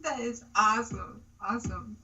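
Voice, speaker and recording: Woman co-host, enthusiastic, high and sharp voice. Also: normal speed, highs cut off. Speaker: show co-host. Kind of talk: casual interview chat. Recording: distant from the mic.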